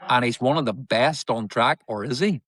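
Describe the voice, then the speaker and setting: A man's voice: medium pitch, normal speed, fairly bright tone, no room sound. A man, an actor guest, telling candid stories in an interview, emphatic and repetitive, swearing now and then.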